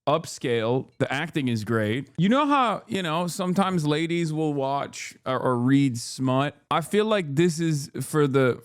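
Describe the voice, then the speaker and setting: A man hosting a live stream, ranting and joking in a profane, animated, casual way. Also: fairly high pitch, dry recording, clean studio sound. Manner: joking, sarcastic. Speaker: livestream host. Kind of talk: casual livestream commentary.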